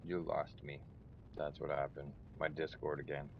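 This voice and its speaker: Deep-voiced man muttering through a game stream. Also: completely flat delivery, normal speed, vocal fry. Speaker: streamer and channel host. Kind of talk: casual gaming stream chat. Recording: dull lo-fi mic with faint rumble.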